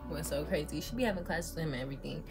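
A young woman vlogger telling a storytime with her girlfriend, loud and slangy, laughing often. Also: low-pitched, expressive, rapid-fire, loud music behind the voice. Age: young adult. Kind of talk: casual storytime chat.

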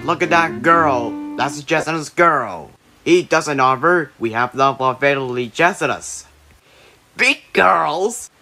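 A man voicing an excitable cartoon character who bickers with a witch in an animated, squabbling way. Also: mid-range voice, exaggerated voice. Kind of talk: cartoon voice acting.

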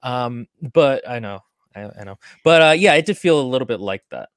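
A woman's voice: extremely low pitch, lively intonation, brisk, no room sound, clean studio sound. A woman co-hosting a book podcast in casual chat, reading out viewer comments between her own remarks. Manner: reads out viewer comments, chatty with fillers.

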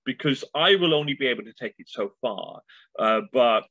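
A man, a guest in an interview, telling stories with lively enthusiasm. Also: medium pitch, brisk, no room sound. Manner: animated storyteller, enthusiastic. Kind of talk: casual interview chat. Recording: dull lo-fi sound.

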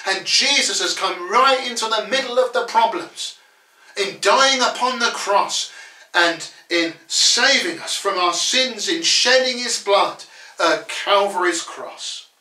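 A man's voice: sits high, expressive, slow, sharp tone. A man preaching a sermon as pastor, emphatic and full of rhetorical questions, in a church. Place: church sanctuary. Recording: echoey church from far off.

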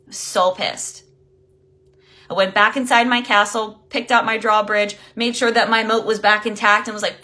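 A woman's voice: medium pitch, steady tone, normal speed, sharp tone. A woman life coach talking casually on a live stream, blunt and emphatic, swearing freely and greeting viewers by name.

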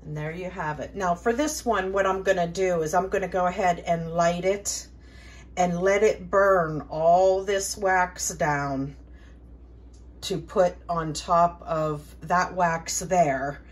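A woman hosting a home preparedness channel, walking through a hands-on demonstration in a relaxed, chatty way, thinking aloud with fillers and restarts. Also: on the low side, slow pace. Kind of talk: casual how-to demonstration.

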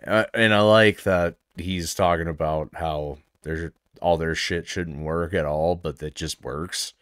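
A man hosts a reaction video, chatting casually and enthusiastically and laughing often as he rambles. His deep, resonant voice is clear and fairly bright, with a steady tone and measured pace, on clean studio sound with no room sound.

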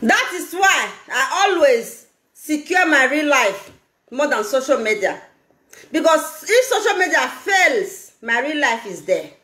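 A Nigerian woman talking on a casual live video, animated and laughing, mixing in pidgin. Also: high-pitched, a little slow, roomy sound. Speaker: social media vlogger.

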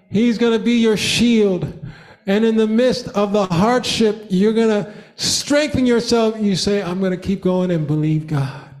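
Male pastor, high voice, slow deliberate fervent preaching in church. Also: darkish tone. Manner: fervent preaching, repeating lines and breaking into laughter. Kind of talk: sermon.

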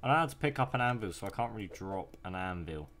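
A man's voice: deep voice, lively intonation, fast, fairly bright tone. A young man giving casual, profane gameplay commentary and taunting the enemies he hunts. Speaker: gaming YouTuber. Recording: music playing behind the voice.

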